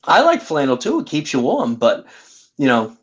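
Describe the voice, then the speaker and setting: A man's voice: medium pitch, huge pitch swings, moderate pace. A man co-hosting a podcast, chatting casually and rambling with asides. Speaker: podcast co-host. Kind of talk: casual chat. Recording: muffled lo-fi audio.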